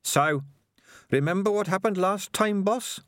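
A cheeky storybook rat soldier, pitched well up and pushing his voice out eagerly, as a narrator puts him on. The recording is dry and close. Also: measured pace, fairly bright tone, dry recording. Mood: warning. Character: male rat, brash squad member.

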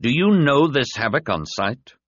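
A man voicing a calm, steady Jedi master who speaks in a measured, commanding way, in an audiobook. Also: medium pitch, slightly rough, no room sound, muffled recording, voice pushed up. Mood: calm, firm.

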